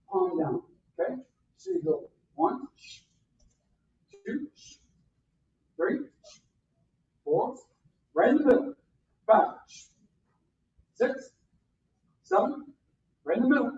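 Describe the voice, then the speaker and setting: A karate instructor teaching a beginner class, counting out drills and calling punch commands in loud bursts. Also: mid-range voice. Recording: distant, roomy, dull sound with faint noise.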